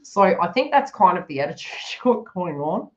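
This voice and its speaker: A woman reads tarot on a live stream with a very animated, swooping voice. She chats and giggles, slipping into quoted inner thoughts of the people she reads for. The audio is a bit dull and lo-fi. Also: on the low side, moderate pace. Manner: chatty, giggly, acts out the listener's inner thoughts. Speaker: tarot reader. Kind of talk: live-stream psychic reading.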